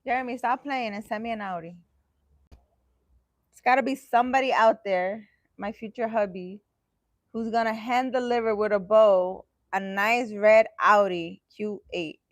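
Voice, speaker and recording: A woman's voice: mid-range voice, a little slow, no echo. Playful, teasing woman livestream host. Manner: playful and teasing, emphatic, laughs often. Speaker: livestream host answering viewers. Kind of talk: casual livestream chat.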